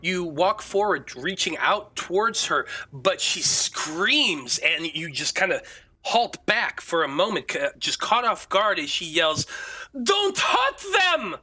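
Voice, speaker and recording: A man's voice: a little high, expressive, a little slow, pushed and bright, husky, poor audio. A man narrating a tabletop game as game master, describing scenes vividly.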